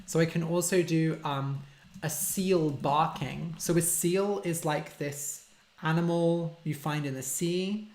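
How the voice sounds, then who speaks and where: A man's voice: on the high side, fairly even intonation, takes it slowly, a little mellow. A man, a language teacher hosting a casual live-stream Q&A, reading out viewer questions and explaining simple words for learners. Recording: roomy echo.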